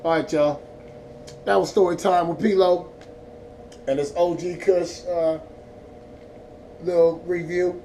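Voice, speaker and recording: This vlogger, a stoned man from California's northern Central Valley, tells a meandering, foul-mouthed story in a relaxed casual style. He speaks slowly in a high, warm, steady voice with long pauses, recorded from a distance with soft background noise.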